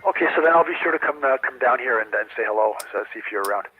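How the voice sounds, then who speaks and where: A man's voice: medium pitch, expressive, rapid-fire, husky. An older retired man checking in on an amateur radio net, friendly and talkative, with stumbling fillers. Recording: tinny dry radio line.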